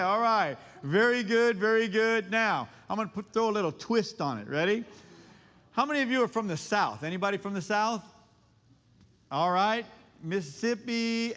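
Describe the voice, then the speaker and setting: A man's voice: high voice, moderate pace, big-room sound. A man leading a church class, joking about his own playing and singing the books of the Bible along with a guitar. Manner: jokey, self-deprecating, sings along on guitar. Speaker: pastor.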